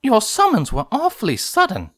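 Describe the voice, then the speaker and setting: A man's voice: sits high, huge pitch swings, moderate pace, breathy edge, no echo, clean studio sound, voice pushed up, heavily acted. A man reading a fan story aloud, voicing a refined, prim unicorn mare who speaks politely with some drama. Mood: puzzled. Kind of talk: fanfiction audiobook reading.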